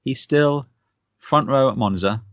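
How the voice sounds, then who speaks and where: A man's voice: medium pitch, unhurried, fairly bright tone, no echo, muffled recording. A man co-hosting a podcast, chatting casually and laughing often. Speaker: podcast co-host. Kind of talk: casual chat.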